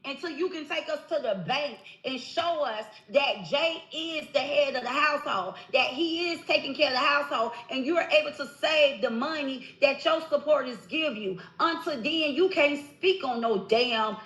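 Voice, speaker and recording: Woman, angry confrontational rant, high voice, roomy echoey clip playback. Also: normal speed, hardly any pauses, a bit bright. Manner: scolding, confrontational. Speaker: rival online creator.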